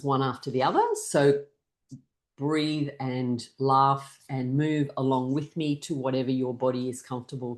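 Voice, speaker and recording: Laughter class leader, mid-pitched voice, gentle guidance, step-by-step instructions, copy-along invitations, occasional soft fillers. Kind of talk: guided laughter exercise class.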